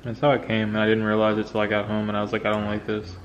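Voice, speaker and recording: Off-camera man, fast and teasing; echoey room with loud music. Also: lowish voice, completely flat delivery, lo-fi sound, background noise. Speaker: vlogger's partner. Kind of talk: casual banter.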